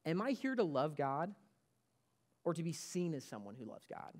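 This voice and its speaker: A man's voice: a little high, very animated, moderate pace, a little mellow. A man preaching a sermon as pastor of a church, emphatic and repeating his key points.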